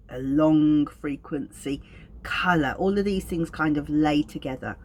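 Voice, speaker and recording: A middle-aged woman with a Wolverhampton accent, an aromatherapist explaining her practice to camera in a gentle, unhurried, thoughtful way. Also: on the low side, a little hiss or hum. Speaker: clinical aromatherapist.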